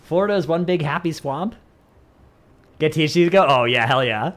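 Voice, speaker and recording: A livestreamer from the San Francisco Bay Area chats casually with viewers in a slightly high, a bit bright male voice with lively intonation and a somewhat fast pace. His Northern Californian accent comes through as he rambles, dropping "like" into many sentences.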